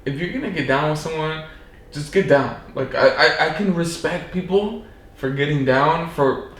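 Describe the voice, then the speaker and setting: A man's voice: a little high, normal speed, a bit bright. A man hosting a podcast, chatting casually, reacting in short bursts and asking follow-up questions. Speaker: podcast host. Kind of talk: casual interview chat. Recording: echoey room.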